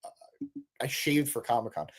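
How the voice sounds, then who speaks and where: A man's voice: mid-range voice, steady tone, moderate pace, breathy edge. A man co-hosting a casual live stream, reading viewer comments aloud and answering them with joking swears. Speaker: podcast co-host reading live chat.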